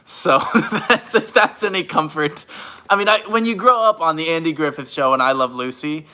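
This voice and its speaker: Young guy rambling on a phone livestream, bright voice, laughs a lot, says thank you to everyone. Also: a little high, moderate pace. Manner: warm, rambling, self-deprecating, laughs often; reads comments aloud and thanks viewers. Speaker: YouTuber and actor. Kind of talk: casual livestream chat.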